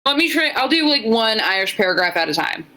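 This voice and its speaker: A woman co-hosting a podcast in casual chat, a bit tipsy, chatty and quick to laugh at herself. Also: fairly high pitch, very animated, bright, forceful tone, rough recording. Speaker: podcast co-host.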